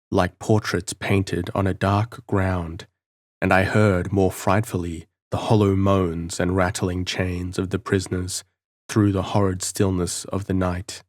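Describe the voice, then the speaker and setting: Deep-voiced male audiobook narrator. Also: no room sound, clean studio sound. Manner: measured, dramatic reading. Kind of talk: scripted narration of a gothic novel.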